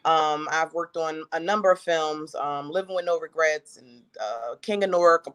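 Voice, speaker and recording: Lively New woman chatting casually. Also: low-pitched, clean tone. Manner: animated, quick bursts, casual slang. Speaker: co-host and author. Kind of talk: casual livestream chat.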